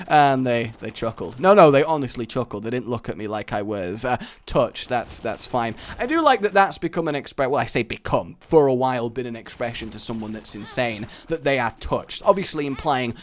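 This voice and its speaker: A man's voice: medium pitch, animated, a little fast, few pauses. A young English man hosting a gaming video, telling a rambling, jokey story while he plays. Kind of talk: let's play commentary.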